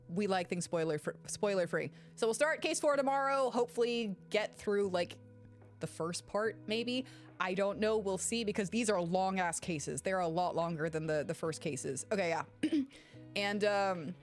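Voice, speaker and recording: A woman streamer chatting casually with her live viewers, excitable, swearing freely, with loud outbursts and frequent laughter. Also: mid-range voice. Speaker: game streamer.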